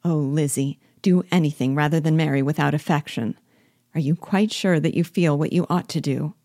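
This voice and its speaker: Brief: gentle, earnest young sister, read by a woman, low and mellow, quick to marvel. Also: dry recording, clean studio sound. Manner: incredulous, tender, earnest.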